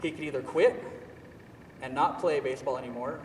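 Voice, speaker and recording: A young man telling a personal story in an animated, self-mocking, emphatic way. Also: medium pitch, fairly quick, a little hiss or hum. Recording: echoey hall, voice from far off, faint ambience.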